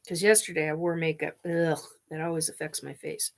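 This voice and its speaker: A woman's voice: low voice, steady tone, vocal fry. Tearful woman telling a personal story. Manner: tearful, halting, with restarts and sniffs. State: crying. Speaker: vlogger. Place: her living room, TV on.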